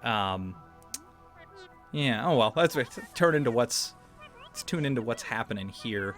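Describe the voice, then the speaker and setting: Brief: male co-host, mid pitch, loose rambling game chat, light music under. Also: lively intonation, a little slow, a bit bright. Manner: rambling, swears, laughs often. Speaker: podcast co-host. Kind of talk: casual chat while watching gameplay.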